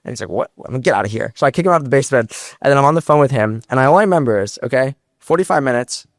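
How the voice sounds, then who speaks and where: Before a large live audience, a young startup founder from the United States takes the stage as a guest speaker, spinning fast, animated stories and acting out quotes. His voice is mid-range, recorded dry at studio quality.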